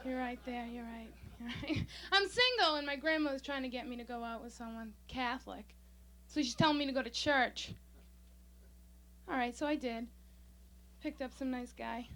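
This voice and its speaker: Bubbly, excitable young woman comic. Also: sits high, normal speed. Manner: bubbly, excitable, breathless delivery. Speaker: stand-up comic. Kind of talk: stand-up comedy set. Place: small comedy club stage, audience laughing.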